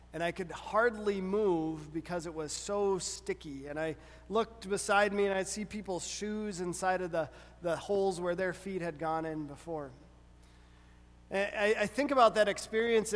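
A man with a high-pitched voice delivers a sermon, earnest and measured, and keeps turning to rhetorical questions. His voice rings out with a long reverb, as if he is speaking in a big hall. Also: a bit bright. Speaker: pastor.

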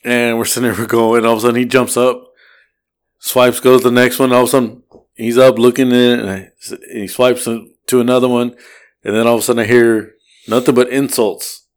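A podcast co-host with a mid-range voice tells stories loosely and fairly quickly. He's animated and swears freely, acting out every voice in his tale.

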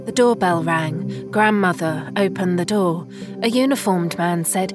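A woman reading a poem and a short story aloud in a soft, solemn storytelling manner. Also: on the low side, unhurried, over music. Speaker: reader of poems and stories. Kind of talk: slow literary reading.

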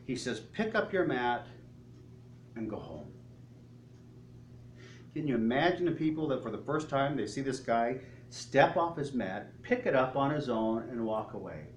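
A male pastor preaching a sermon, telling the story in an animated way and asking the congregation questions. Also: mid-range voice, moderate pace, hardly any pauses, slight background noise. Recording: echoey hall, faint ambience.

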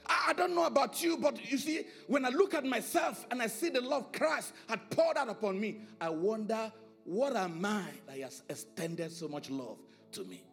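High-voiced preaching man with sing-song swings. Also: expressive, moderate pace, soft background music. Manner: preaching with sudden swings in pitch and volume, sing-song emphasis. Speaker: pastor. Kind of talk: sermon.

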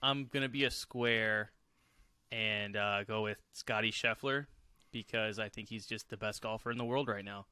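A man co-hosting a casual sports podcast, explaining things in a relaxed way with frequent filler pauses. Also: fairly low pitch, smooth, no echo. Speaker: podcast co-host.

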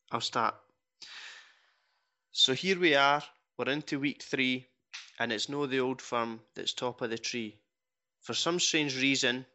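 A man's voice: medium pitch, sharp tone, clean tone. A man hosting a football podcast, modest and self-deprecating, reading out a fan's poem. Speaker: podcast host. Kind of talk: casual podcast chat and reading a poem aloud. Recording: dull lo-fi podcast audio.

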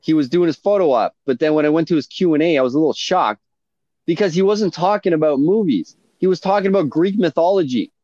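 A man co-hosting a casual chat, telling animated stories with lots of swearing and restarts. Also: on the high side, fast, no room sound, lo-fi sound. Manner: animated storytelling, heavy swearing, many restarts.

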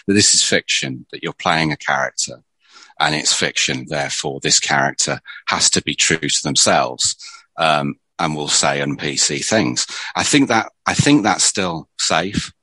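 A man's voice: extremely low pitch, moderate pace, sharp tone, husky, no room sound, poor audio. A man, a screenwriter, telling stories in casual conversation with many restarts. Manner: chatty storyteller, many restarts. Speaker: screenwriter guest.

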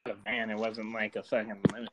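A man's voice: fairly low pitch, little pitch movement, fast, sharp tone, low-quality recording. A young man casually telling a long story on a podcast, loose and profane, full of fillers. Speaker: storyteller guest.

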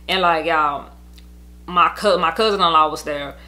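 Woman podcaster, bright forceful voice, rambling and profane, lots of "like" fillers. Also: deep voice, normal speed. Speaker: podcast host telling her own story. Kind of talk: casual venting monologue.

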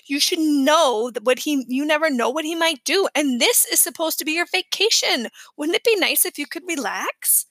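A woman's voice: high voice, animated, moderate pace, hardly any pauses, pushed and bright, no echo. A woman reading aloud, voicing a bossy, self-assured preteen girl babysitter in a storybook. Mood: persuasive. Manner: confident, prim, self-assured.

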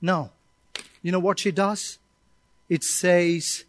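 Male pastor, sermon, emphatic, draws responses from the congregation, high voice, dry close sound. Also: steady tone, slow, long pauses, dry recording. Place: church service.

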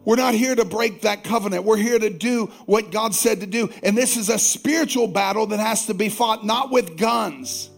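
Male pastor, high gravelly voice, call-and-response preaching, soft music beneath. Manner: slows down to stress scripture lines. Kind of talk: sermon.

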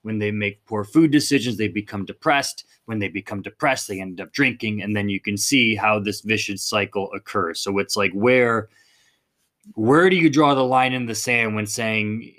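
A man's voice: fairly low pitch, normal speed, a bit bright. A man hosting a fitness podcast in a blunt, fired-up monologue, swearing casually as he talks.

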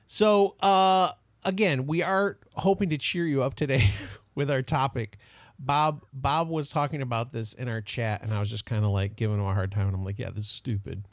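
A man co-hosting a podcast, chatting casually in an animated, joking way. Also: medium pitch, normal speed, dry recording. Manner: animated, joking, self-deprecating. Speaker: podcast co-host. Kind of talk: casual chat.

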